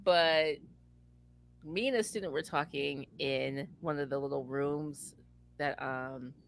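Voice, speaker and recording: A woman telling a story in casual chat, animated and laughing often as she acts out the voices of the people she quotes. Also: sits low, slow pace, gravelly. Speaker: former campus advisor.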